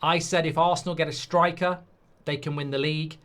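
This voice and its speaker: A man's voice: a little high, steady tone, a little fast, a bit bright, clear, resonant tone. A man giving football predictions in a rambling, jokey way, often interrupting himself. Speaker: football pundit. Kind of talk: casual football predictions chat.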